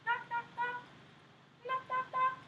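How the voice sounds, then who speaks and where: A woman's voice: very high-pitched, monotone, slow pace, reverberant, muffled recording, heavy background noise, pitched above the performer's own voice. A woman voicing a sneezy male big bad wolf who is sly and mock-innocent as he asks the pigs to open up. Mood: wheedling.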